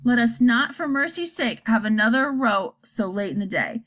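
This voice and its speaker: A woman voicing an eccentric, chirpy male candy maker in an audiobook, brisk and theatrical. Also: fairly high pitch, animated, fairly bright tone. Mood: breezy.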